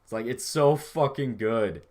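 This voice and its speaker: A man's voice: medium pitch, measured pace, a little mellow. A man chatting casually on a livestream, rambling and swearing freely as he reacts to his chat. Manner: rambling, profane, laid-back. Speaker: streamer reading chat.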